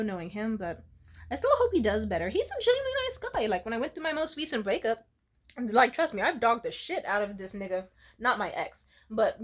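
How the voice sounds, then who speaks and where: A young woman telling personal stories in a casual confessional vlog, candid and rambling, swearing freely and filling her talk with "like". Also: medium pitch. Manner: candid, rambling, profane, full of "like". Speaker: vlogger.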